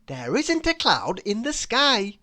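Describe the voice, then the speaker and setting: A woman voicing a cheerful, kindly little storybook man who speaks in high, exclaiming bursts. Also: wildly swooping pitch, takes it slowly, exaggerated voice. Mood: cheerful surprise. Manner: bright, exclaiming.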